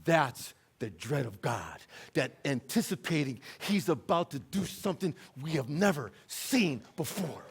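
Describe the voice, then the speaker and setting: An American man preaching a sermon in a church, moving between quiet conversational asides and loud, urgent climaxes. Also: sing-song, measured pace, few pauses, slight background noise. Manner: impassioned, rising to loud urgent peaks then dropping low and conversational. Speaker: guest preacher. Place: church sanctuary.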